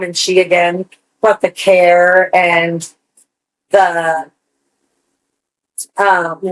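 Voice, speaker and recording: A woman co-hosting a podcast, telling a personal story in casual chat, animated and swearing freely. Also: lowish voice, low-quality recording. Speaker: podcast co-host.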